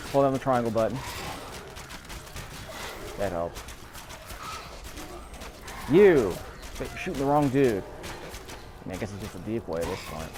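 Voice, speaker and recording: A man's voice: medium pitch, a little mellow, slight background noise. A man giving casual let's-play commentary, rambling and correcting himself as he chats over the game. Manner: rambling, self-correcting, chatty. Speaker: gameplay commentator.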